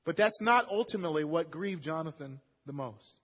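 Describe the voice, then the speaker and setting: A man's voice: fairly high pitch, expressive, moderate pace, husky. Man preaching in a reverberant hall. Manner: conversational preaching, quoting scripture with rising emphasis. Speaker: pastor. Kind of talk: sermon. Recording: lo-fi recording with long hall reverb.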